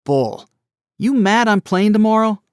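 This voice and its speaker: A man's voice: high voice, animated, a little slow, clear, resonant tone, no echo, clean studio sound, voice pushed up. A man voicing a teasing, boisterous teenage boy in an audiobook, playful and needling. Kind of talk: audiobook character voice.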